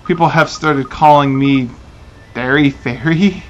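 A man voicing a shy, gentle young village girl while reading game dialogue aloud, in a soft, hesitant way. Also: mid-range voice, steady tone, unhurried, highs cut off, slight background noise, close to an everyday voice.

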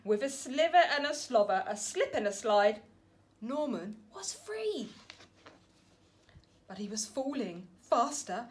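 A woman from a family centre reading a children's storybook aloud with gentle, expressive storytelling and dramatic pauses. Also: a little high.

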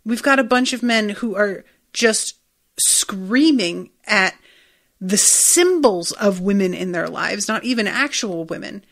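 Slow-talking woman recapping a show. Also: medium pitch, animated, gravelly, fairly bright tone. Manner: rambling, chatty, swears freely. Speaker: podcast host. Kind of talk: casual episode recap.

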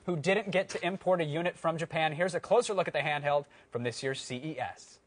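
Male co-host, high voice, playful studio banter. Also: fairly quick, a crowd in the background.

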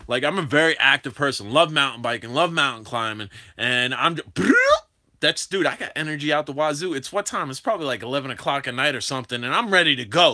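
A young man hosting a drone livestream, chatting casually with viewers in a hyper, slangy way. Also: medium pitch. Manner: hyper, animated, slangy, talks to chat.

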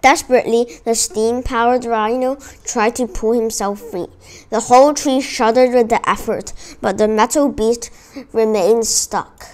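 Unhurried woman reading a children's adventure. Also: fairly high pitch. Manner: expressive, dramatic storytelling. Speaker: audiobook reader. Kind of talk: reading a children's book aloud.

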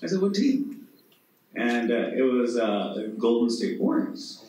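A middle-aged man from Pakistan with a Pakistani accent, telling lively stories on stage at a conference and often laughing. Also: mid-range voice, slow pace, heavy reverb, distant mic, a little hiss or hum, poor audio. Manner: animated, laughing, acts out quoted voices. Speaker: conference speaker. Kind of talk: storytelling talk on stage. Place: conference hall.

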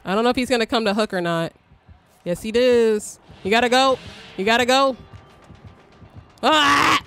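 Young woman streamer, excitable live game commentary, swears, shrieks. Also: on the high side, normal speed, faint music behind.

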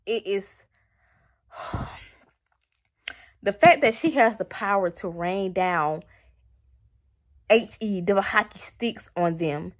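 A woman vlogging about a book she is reading, talking straight to her viewers in an animated, exclaiming way, recorded on her phone. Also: medium pitch, slow pace, long pauses. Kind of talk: casual reading vlog chat.

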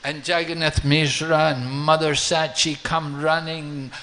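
A monk preacher tells a devotional story at a slow, deliberate pace. His voice sits slightly high. He often restarts his phrases as he goes. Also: little pitch movement, sharp tone, poor audio.

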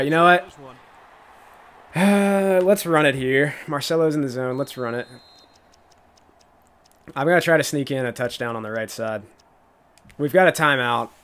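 Excitable man narrating his gameplay. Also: mid-range voice. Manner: thinks aloud, excitable, bursts of laughter. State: voice cracking, coughing. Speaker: gaming YouTuber playing a football video game. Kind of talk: casual gameplay commentary.

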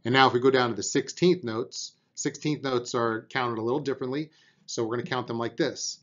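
A man's voice: mid-range voice, fairly even intonation, fairly quick, muffled recording. A man teaching a beginner drum lesson, patiently explaining and counting out beats aloud, with an encouraging manner.

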